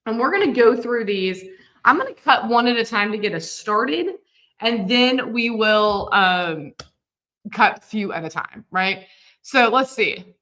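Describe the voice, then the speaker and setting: Woman in her 30s, livestream quilting teacher, bright voice, chatty and upbeat. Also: on the high side, animated, a little slow. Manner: chatty and upbeat, talking viewers through steps. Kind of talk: live-streamed sewing lesson.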